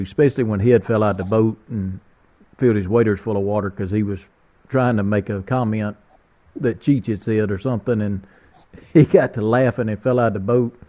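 A man's voice: fairly low pitch, darkish tone. A man with a North Louisiana accent, hosting a casual chat and telling stories with plenty of laughter. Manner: chatty, laughing storyteller.

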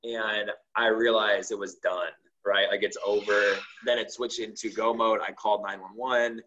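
Talk-show guest, male, lower voice, lively story delivery, dull recording. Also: normal speed, slight background noise. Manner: acts out quoted dialogue with lots of "like". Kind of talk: animated storytelling.

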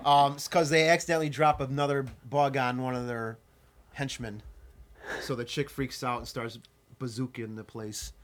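A man co-hosting a casual podcast, piecing the plot together with halting restarts. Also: medium pitch, steady tone. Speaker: podcast co-host. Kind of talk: casual movie-recap chat.

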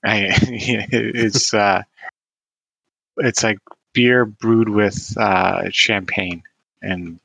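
Man, podcast guest, dry humor, low pitch, dry close sound. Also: fairly even intonation, extremely slow, creaky, long pauses, pushed and bright, dry recording, rough recording. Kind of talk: casual podcast chat.

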